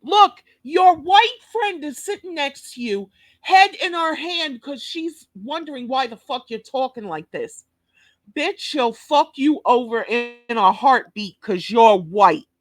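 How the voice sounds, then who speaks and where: A woman's voice: high-pitched, lively intonation, unhurried, dry recording. A woman with a New York accent hosting a reaction video, delivering a blunt, cursing, scolding rant. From Brooklyn, New York. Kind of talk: profane reaction commentary.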